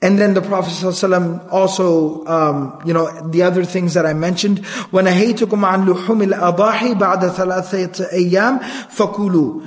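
A man's voice: high voice, fairly even intonation, rapid-fire, long reverb tail. A man giving a religious lecture, telling a story earnestly, reciting passages and then explaining them. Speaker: Islamic lecturer.

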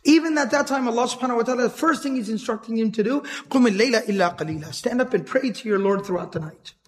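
A male Islamic teacher giving a lecture, his voice pitched very high for a man. He talks at a quick clip, earnest and emphatic, and repeats his key points. Now and then he recites Arabic verses rapidly. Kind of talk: educational lecture on the seerah.

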